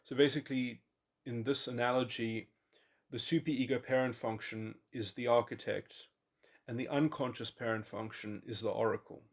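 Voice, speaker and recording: A man thinking aloud in a long speculative monologue, halting often and restarting his sentences. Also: medium pitch, steady tone. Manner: musing, halting, with many restarts and fillers. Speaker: podcast host. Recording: voice memo.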